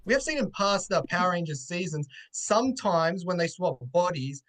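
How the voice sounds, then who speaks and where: A podcast co-host on a video call asks long, rambling questions thick with fillers, sounding hesitant in this casual interview chat. His voice is high with lively intonation at normal speed, and crowd noise is audible.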